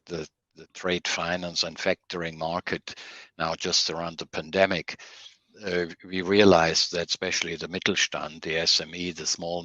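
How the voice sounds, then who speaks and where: Man in his 60s, Swiss German accent, very deep, bright-edged tone, dry close sound, hesitant. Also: no room sound. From Switzerland. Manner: hesitant, with frequent uh fillers. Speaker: guest. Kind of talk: interview answers.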